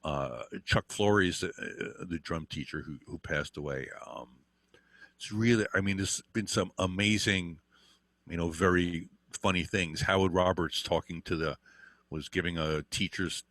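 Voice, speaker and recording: A man's voice: low voice, unhurried, a bit bright, no echo. An older man, a guitar teacher, telling rambling anecdotes with lots of fillers and the odd swear word. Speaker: interview guest, guitar teacher. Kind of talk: casual storytelling.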